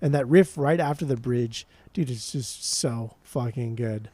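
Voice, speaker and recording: A man's voice: mid-range voice, unhurried, warm tone, breathy edge, dry recording. A young man co-hosting a podcast, chatting casually and enthusiastically about an album, with lots of swearing and slang. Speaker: podcast co-host. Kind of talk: casual music review chat.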